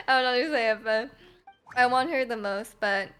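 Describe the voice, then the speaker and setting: Woman game streamer, rambling and giggly, slightly high, soft game music under her. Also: lively intonation, normal speed, clear, resonant tone. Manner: rambling, giggly, lots of fillers. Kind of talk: casual chat while gaming.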